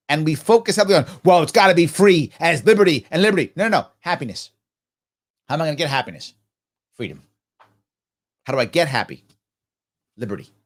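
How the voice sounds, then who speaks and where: Man, middle-aged, live Q&A host, lively swooping pitch, slightly high voice, preachy, acts out dialogues. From New York. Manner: animated, preachy, acts out little imagined dialogues. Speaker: livestream Q&A host. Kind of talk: live ask-me-anything talk.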